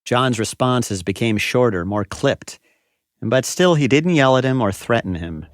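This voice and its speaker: Male podcast host, mid-range voice, measured scripted narration. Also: mid-range voice, lively intonation.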